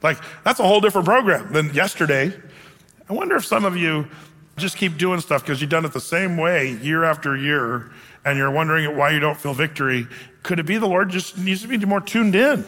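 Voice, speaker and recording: A man's voice: a little high, lively intonation, a little fast, pushed and bright, big-room sound. A male pastor preaching a sermon, explaining scripture in a casual, conversational way with everyday asides.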